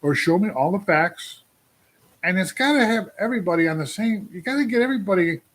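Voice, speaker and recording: A man's voice: sits high, animated, brisk, a bit bright. A man in his sixties venting on a casual livestream, rambling and putting questions to his viewers. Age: 60s. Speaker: trucker livestream host.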